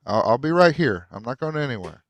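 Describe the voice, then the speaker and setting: A towering corporal soothing a child in a soft, reassuring voice, as a man acts him out. He stammers a little, and the sound is dry. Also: medium pitch, big pitch swings, fairly quick, dry recording, close to an everyday voice. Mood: gentle. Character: huge burly corporal, man, gentle protector.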